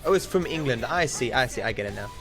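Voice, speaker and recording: A man's voice: medium pitch, expressive, quick pace. A young Australian man chatting casually while streaming a game, rambling, with candid opinions and frequent restarts. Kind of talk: casual chat while gaming. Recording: game music playing behind.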